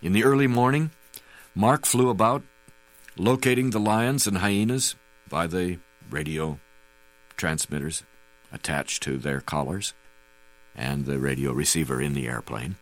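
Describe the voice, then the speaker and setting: A man reading a first-person memoir aloud as an audiobook narrator, in a measured, unhurried way. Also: low-pitched, rough recording.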